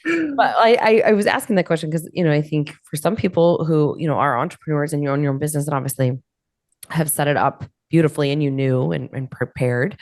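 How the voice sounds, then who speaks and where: A woman's voice: low-pitched, a little fast, a little mellow, no room sound, studio quality. A woman hosting a podcast, asking long questions that hedge and circle with "you know". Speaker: podcast host. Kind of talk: interview questioning.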